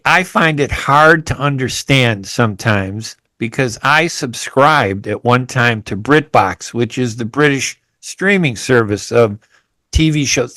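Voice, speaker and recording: A man's voice: medium pitch, a bit bright, no room sound. Chatty man hosting a radio show. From United States. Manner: chatty, rambling with frequent restarts. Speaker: radio host. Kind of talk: radio interview. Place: radio studio.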